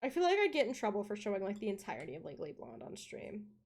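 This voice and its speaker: A woman streamer chatting casually on a live stream, playful and quick to swear. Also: mid-range voice, big pitch swings, darkish tone, breathy edge.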